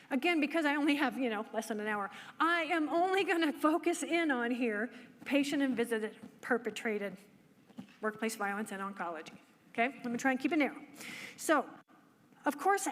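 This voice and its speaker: Woman lecturing in a reverberant hall. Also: fairly high pitch. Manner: engaging, poses rhetorical questions to the audience. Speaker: nurse researcher presenting at a conference. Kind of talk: conference lecture. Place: conference hall. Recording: long hall reverb, faint background noise.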